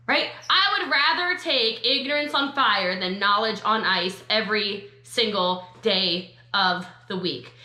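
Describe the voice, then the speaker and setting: Woman, high and bright voice, sassy motivational trainer, echoey room. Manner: sassy, emphatic, quick asides. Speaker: network marketing trainer.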